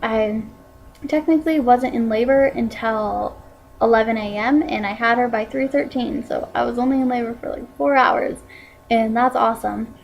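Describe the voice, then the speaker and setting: Teen girl, slightly high voice with heavy vocal fry, casual vlog storytelling, rambling filler words. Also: fairly even intonation, moderate pace, poor audio. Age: teens. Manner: chatty, full of "like" and "um" fillers. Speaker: vlogger.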